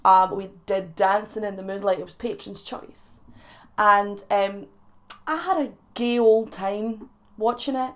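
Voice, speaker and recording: A young Scottish woman chatting straight to her viewers in a playful, teasing way. She laughs easily and breaks into quick asides. Her voice sits in a middle pitch. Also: fairly bright tone. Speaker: YouTube reaction host. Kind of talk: chatty vlog to camera.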